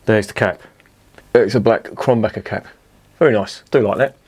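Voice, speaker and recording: A man's voice: on the low side, moderate pace, darkish tone, breathy edge. A man giving a chatty, blunt beer review, swearing casually as he talks.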